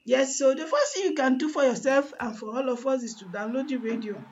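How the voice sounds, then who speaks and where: A woman's voice: high-pitched, animated, fairly quick, a little mellow, lo-fi sound. A woman with a Nigerian Pidgin accent hosting a live radio sports show, switching between Pidgin, English and Yoruba and hyping her listeners. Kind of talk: lively radio show banter. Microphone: studio mic.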